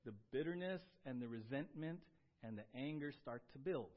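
Animated preacher man, emphatic and rising. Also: moderate pace. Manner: animated, rising to emphatic highs, with repeated restarts. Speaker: pastor. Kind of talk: sermon. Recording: dull lo-fi sound.

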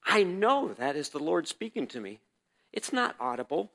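A man preaching a personal testimony as a sermon, telling the story vividly and swinging between loud and hushed delivery. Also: fairly high pitch, big pitch swings, moderate pace, creaky.

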